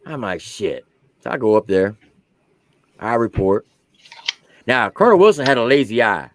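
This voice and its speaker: A man in his forties, an army veteran, telling a profane comic story with animated swings between low asides and loud punchlines. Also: normal speed, no echo.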